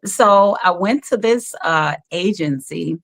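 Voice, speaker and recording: A woman who works as a background actor, telling stories in an animated, chatty way as a talk-show guest, often laughing. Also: on the low side, slow, creaky. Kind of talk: casual storytelling chat.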